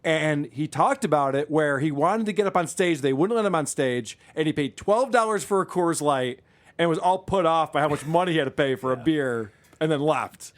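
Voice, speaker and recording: A man co-hosting a podcast speaks in a high, lively voice that swings widely as he laughs. His talk is casual and sarcastic, full of quick mockery of the clips he plays. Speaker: podcast co-host. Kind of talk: casual mocking chat.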